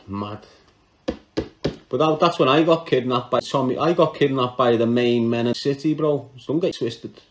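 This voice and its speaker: A man's voice: medium pitch, normal speed, long pauses, a little hiss or hum. A man with a Liverpool accent telling a crime story in casual, slangy talk, laughing often and breaking off mid-sentence. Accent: Liverpool (Scouse). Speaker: podcast storyteller.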